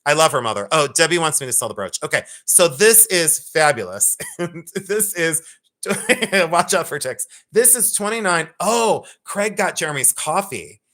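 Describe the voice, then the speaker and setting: Host for a live jewelry stream: a man, bright and animated, joking and teasing viewers, swears casually. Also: on the high side, moderate pace. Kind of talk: live-stream sales chat.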